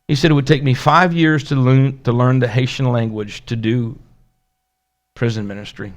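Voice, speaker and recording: A man's voice: mid-range voice, steady tone, normal speed. A man, a pastor, telling a personal story in a conversational sermon, acting out the dialogue and laughing now and then. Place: church.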